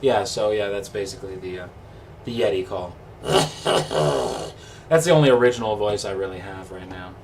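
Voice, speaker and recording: A man's voice: fairly low pitch, fast talker, darkish tone. A young man chatting in a rambling, easygoing, self-deprecating way as a vlogger. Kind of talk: casual chat. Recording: distant mic with faint background noise.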